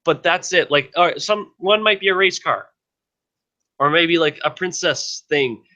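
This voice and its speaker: A man's voice: on the high side, unhurried, bright, forceful tone. A man co-hosting a casual podcast, rambling with many restarts and fillers. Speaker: podcast co-host.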